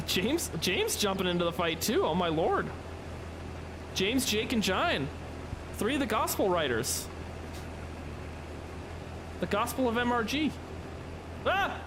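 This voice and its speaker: Young man, high voice, rambling livestream chat, chuckling, sleepy, faint noise behind. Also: sing-song, unhurried, pauses often. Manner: rambling, chuckling, chatting with viewers. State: sleepy, yawning. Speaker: game streamer. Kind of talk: casual livestream commentary.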